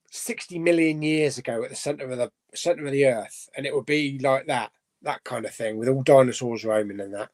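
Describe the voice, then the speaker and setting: With a slightly high, slightly mellow voice, a man runs a relaxed live stream chat. He reads out what viewers comment and chats on in a rambling way, laughing and frequently self-correcting.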